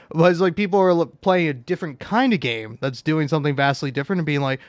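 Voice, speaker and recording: A man's voice: a little high, fast, few pauses, no echo. A man ranting casually over gameplay, swearing often and stumbling through restarts. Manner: rambling, profane, stammering restarts. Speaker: gaming video host.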